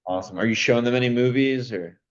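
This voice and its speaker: A man's voice: medium pitch, fast, lo-fi sound. A young man in casual chat, rambling with many restarts and plenty of enthusiasm. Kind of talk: casual chat about old movies.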